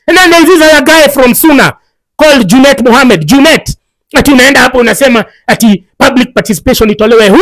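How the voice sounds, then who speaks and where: Furious high-voiced Kenyan woman ranting. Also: fast, a bit bright, no echo, low-quality recording. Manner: furious, insulting, profane, mixes English and Swahili. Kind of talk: angry political rant.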